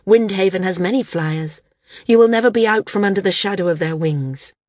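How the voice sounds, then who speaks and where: A woman voicing a calmly menacing woman flyer. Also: medium pitch, brisk, dry recording, studio quality, natural voice. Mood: cold warning. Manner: calm, menacing, warning. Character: defiant young woman flyer issuing threats.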